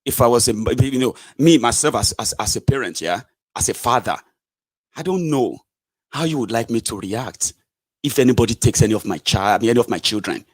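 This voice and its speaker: A man's voice: mid-range voice, expressive, a little fast, breathy edge. A Nigerian man giving a combative, sarcastic political rant, scolding his viewers directly. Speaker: political commentator. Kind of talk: angry solo political rant.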